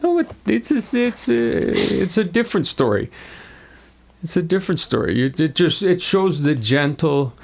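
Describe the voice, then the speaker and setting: Middle-aged male podcast co-host, gravelly voice, dry teasing humor. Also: a little high, very animated, moderate pace. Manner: teasing, dry banter with restarts. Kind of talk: casual family chat.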